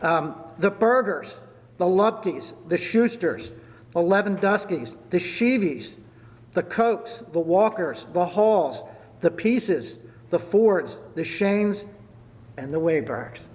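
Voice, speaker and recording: Older guy coach, high voice, telling stories and thanking folks at his party, big hall with echo. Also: expressive, takes it slowly. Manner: storytelling, thanking people by name. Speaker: retiring hockey coach. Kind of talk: retirement party speech. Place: large event hall.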